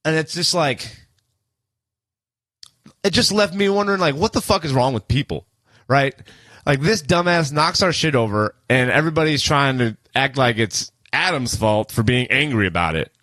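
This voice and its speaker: Male podcast co-host, loose rambling storyteller who swears a lot, mid-pitched, dry close sound. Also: animated, moderate pace, fairly bright tone, no room sound. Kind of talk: casual chat.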